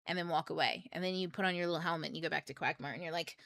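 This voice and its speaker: A woman's voice: fairly low pitch, rapid-fire, creaky, hardly any pauses, pushed and bright, dry recording, studio quality. A young woman hosting a book club livestream, talking in a rambling, joking, profane way. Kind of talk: casual livestream talk.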